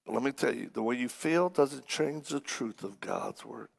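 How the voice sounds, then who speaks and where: Man, preacher, gravelly voice, humorous storytelling sermon, animated, church congregation. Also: mid-range voice, fairly quick, hardly any pauses. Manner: animated, acts out the people in his stories. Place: church service before a congregation.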